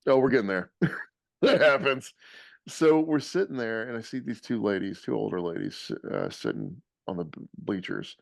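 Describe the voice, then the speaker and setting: A man telling a lively story in casual podcast chat, laughing often. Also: medium pitch, moderate pace, creaky, no echo. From American South.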